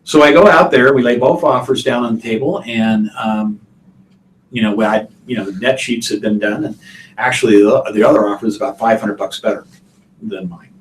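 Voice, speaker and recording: A man's voice: on the low side, steady tone, moderate pace, roomy sound, a little hiss or hum, low-quality recording. A male real estate instructor telling a folksy story in a live online class. He chuckles often and fills his talk with you-knows and uhs. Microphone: computer mic on a video call.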